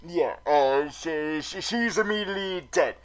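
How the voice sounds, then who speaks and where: A melodramatic super villain vlogger, played by a man, hosting a comedic recap show. He stammers and repeats words in a high voice, swinging between gushing and grumbling. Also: measured pace, close to an everyday voice, low-quality recording. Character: theatrical male super villain vlogger, dramatic. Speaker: vlog host. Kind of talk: comedic in-character recap vlog.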